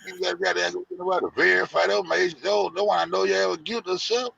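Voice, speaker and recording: Man, gravelly, mocking, profane rant, muffled lo-fi audio. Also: high-pitched, flat delivery, rapid-fire. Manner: loud, profane, heavy slang, mocking. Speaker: show host. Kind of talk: profane rant to an online audience.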